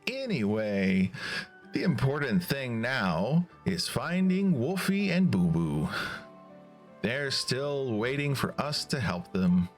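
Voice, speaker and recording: A talkative companion, read out by a man, tells the story in a lively, rising and falling voice. He reads at a slow, measured pace. Faint game music lingers behind. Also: mid-range voice. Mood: explaining. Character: chatty companion who translates for the puppy.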